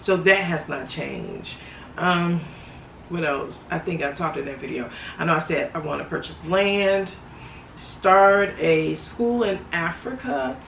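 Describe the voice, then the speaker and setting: A woman's voice: low voice, a little slow, vocal fry, fairly bright tone. A woman talking casually to her viewers in a vlog, chatty and laughing often, calling them honey and sweetie. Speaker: vlogger. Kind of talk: casual reflective vlog talk. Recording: roomy echo, distant from mic, faint background noise.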